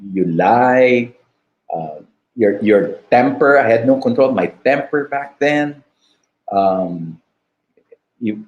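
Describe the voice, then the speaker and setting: A man in his fifties with a Filipino English accent, sharing a personal testimony in an interview, reflective and halting. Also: medium pitch, darkish tone, lo-fi sound. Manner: slow and reflective, halting restarts, "diba" tags. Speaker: guest.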